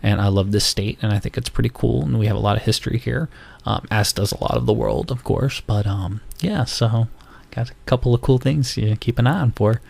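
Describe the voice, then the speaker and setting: A man's voice: lowish voice, fairly quick, gravelly, darkish tone. A man from North Carolina, hosting a podcast and telling stories in a loose, rambling way full of fillers. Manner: rambling storytelling with many fillers. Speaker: podcast host. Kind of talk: casual podcast monologue.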